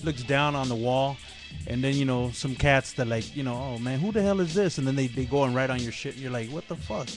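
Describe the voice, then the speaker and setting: A man's voice: mid-range voice, fairly quick, music in the background. A man telling street stories in an interview, acting out other people's lines and cursing freely. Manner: animated storyteller acting out quoted voices, profane. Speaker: graffiti artist guest. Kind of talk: casual storytelling in interview.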